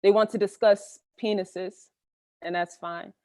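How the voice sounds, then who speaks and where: A poet from Camden, New Jersey, with a New Jersey accent, reading her spoken-word poems over a video call. She moves between rhythmic, emphatic verse and relaxed, halting chat. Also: medium pitch, no echo, clean studio sound. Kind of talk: spoken-word poetry reading with casual asides.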